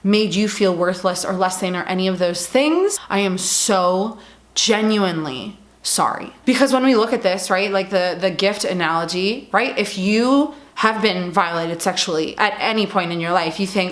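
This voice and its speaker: A woman's voice: medium pitch, normal speed. Earnest woman vlogger in a roomy space. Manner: heartfelt and apologetic, many fillers like "like" and "um". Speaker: Catholic speaker and vlogger. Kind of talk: earnest talk to camera.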